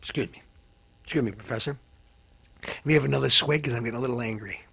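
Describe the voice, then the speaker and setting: A man hosting a comedy show, ranting and hurling insults, swinging between loud outbursts and low mutters. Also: fast, vocal fry, slightly rough. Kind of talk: ranting comic commentary.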